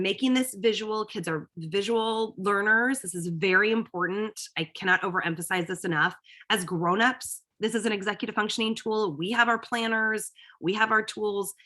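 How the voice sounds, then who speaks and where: A woman's voice: medium pitch, bright, forceful tone. A woman coach giving an upbeat, emphatic talk to parents, often checking in with her listeners. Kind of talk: presentation to parents.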